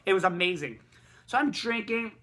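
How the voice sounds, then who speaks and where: A man vlogging a casual, rambling rant, swearing heavily and excitably. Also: high-pitched, moderate pace, background noise.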